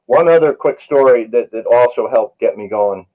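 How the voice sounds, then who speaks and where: Brief: male paramedic guest, mid-pitch, earnest anecdotal storyteller, slightly muffled lo-fi recording. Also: normal speed. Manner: earnest, anecdotal, many "you know" fillers. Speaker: paramedic and author, interview guest. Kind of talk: storytelling in a podcast interview.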